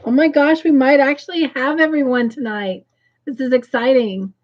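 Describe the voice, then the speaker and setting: A woman hosting a livestream, greeting viewers by name and reading their comments aloud with effusive, excited warmth. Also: sits high, normal speed, lo-fi sound. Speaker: livestream host.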